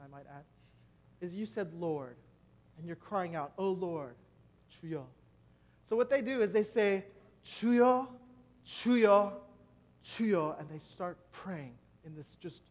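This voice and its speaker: Man, preacher, very high voice, conversational sermon, joking asides, church gathering. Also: expressive, moderate pace, a little mellow. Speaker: preacher leading prayer.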